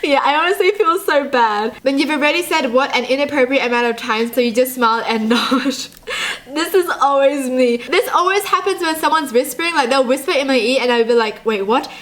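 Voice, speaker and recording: High-voiced woman hosting a chatty vlog. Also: fairly bright tone. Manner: chatty and self-mocking, quick asides. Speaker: YouTube host. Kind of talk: casual reaction vlog.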